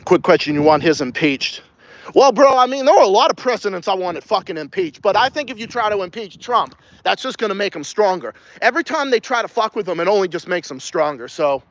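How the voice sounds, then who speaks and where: A Massachusetts man with a New England accent hosts a podcast outdoors, ranting profanely as he answers viewer questions. His high voice is expressive and brisk. The recording is muffled, with no echo.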